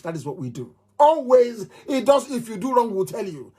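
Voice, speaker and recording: A man's voice: extremely high pitch, big pitch swings, moderate pace, hardly any pauses, warm tone, husky. A middle-aged man with a Nigerian accent giving a fiery live radio address, emphatic and repeating phrases like a chant. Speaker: movement leader on radio.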